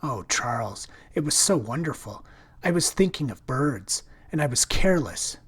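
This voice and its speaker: A man with a husky voice voicing a timid young woman come to life in a department store, speaking in a soft, breathy half-whisper in an audiobook reading. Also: mid-range voice, animated, normal speed. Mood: wistful.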